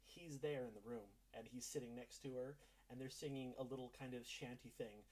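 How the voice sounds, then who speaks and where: A man's voice: mid-range voice, steady tone, fairly quick, a little mellow, rough recording. A man narrating a tabletop game as game master in a casual, descriptive way.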